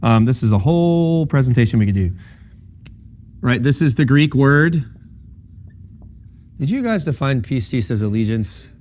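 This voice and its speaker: A man teaches in a loose classroom lecture style, checking in with his listeners and often asking "right?" He acts out short bits of quoted dialogue as he explains. His pitch sits in the middle for a man. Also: lively intonation, normal speed, long pauses, darkish tone. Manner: conversational, checks in with "right?" and "okay?". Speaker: speaker at a campus talk.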